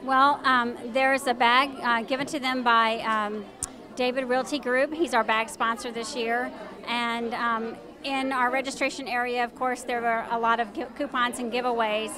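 A woman's voice: fairly high pitch, level tone, moderate pace, over music. A woman organizing a downtown shopping event, answering interview questions with lots of ums. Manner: informative, many fillers. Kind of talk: on-the-street interview. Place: busy downtown street at night.

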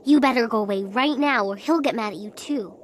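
A woman's voice: fairly high pitch, a little fast, a little hiss or hum, lightly acted. A woman voicing a little girl in a video game who earnestly warns of a dangerous guardian. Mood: warning. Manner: earnest, childlike pleading.

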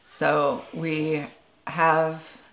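A woman's voice: deep voice, drawn-out words. Laughing woman in an echoey room. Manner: lively, teasing, laughs often. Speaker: homestead vlogger, co-host. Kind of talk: casual chat. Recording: echoey room with faint noise.

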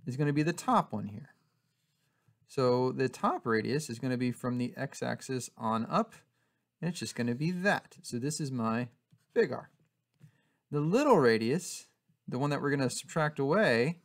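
A man with a gravelly voice teaches calculus. He talks at an ordinary pitch, relaxed and chatty, with casual fillers as he explains. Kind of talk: casual math lesson.

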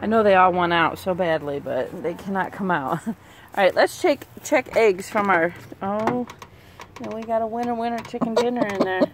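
A woman's voice: medium pitch, normal speed, noisy background. A middle-aged woman chatting casually as she films her backyard chickens. She laughs often and coos at the hens in a sing-song voice, talking into a handheld phone camera outdoors. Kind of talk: casual chat while filming. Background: faint clucking chickens.

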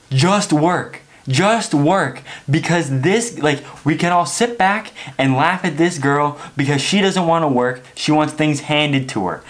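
A young man rants straight to camera in a loose, chatty vlog. He tells stories in an animated way, dropping "like" and "okay?" all the time, and his voice sits at a mid pitch. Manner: animated storytelling, frequent "like" and "okay?". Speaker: wrestling vlogger. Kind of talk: casual vlog rant.

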